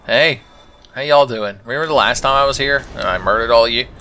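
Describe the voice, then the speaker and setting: A man doing a deliberately bad impression of a blustering, gruff sitcom dad. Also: mid-range voice, sharp tone, slight background noise. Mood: brash.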